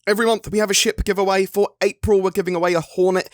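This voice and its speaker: Rapid-fire and flat, this high-voiced Englishman runs a gaming channel and talks casually to his viewers. He pokes fun at himself and frequently restarts what he's saying.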